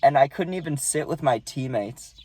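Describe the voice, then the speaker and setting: A man's voice: medium pitch, animated, moderate pace, mellow. A young man casually telling a story to camera, rambling and swearing, with lots of "you know" and "right".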